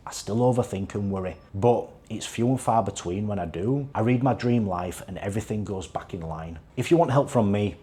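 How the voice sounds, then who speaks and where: A man with a lowish, dark-toned voice talks to camera in a motivational vlog. Speaking as a fitness and life coach, he urges viewers earnestly and repeats himself often.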